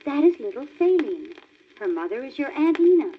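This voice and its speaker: A woman voicing a calm mother deer in a storybook record, speaking quietly and tenderly. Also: high-pitched, pitched above the performer's own voice. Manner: quiet tender measured speech. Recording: dull crackly old vinyl record.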